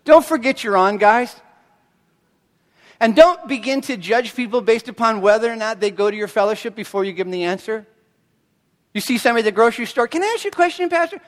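A middle-aged man preaching a sermon as a pastor, telling stories with animated delivery and acting out the voices of the people he quotes. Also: sits high, a little fast. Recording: long reverb of a large hall.

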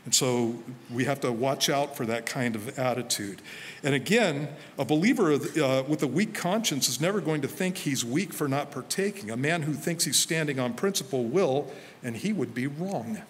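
A man preaching a sermon as pastor, telling personal stories in a relaxed conversational way. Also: mid-range voice, moderate pace. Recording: faint hall reverb with light noise.

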